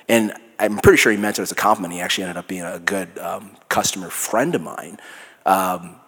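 A man's voice: deep voice, steady tone, brisk, fairly bright tone, slightly rough. A man with a Minnesota accent, in his thirties, talking in an easygoing, reflective way as a guest before an audience and acting out quotes. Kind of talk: conversational interview before an audience. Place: large hall with congregation. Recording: hall reverb.

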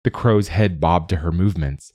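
A man narrates a fairy tale in a very deep, low voice. His reading is calm and even, and the recording is dry and close with no room echo. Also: moderate pace, lo-fi sound. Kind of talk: scripted storybook narration.

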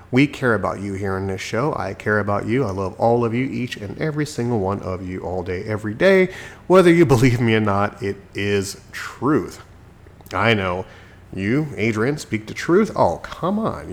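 A sick man hosting his own podcast, talking alone into a microphone in a chatty, preachy, self-mocking way. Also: lowish voice. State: sick, recovering from illness. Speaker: podcast host. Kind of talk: solo podcast monologue. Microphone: desk microphone.

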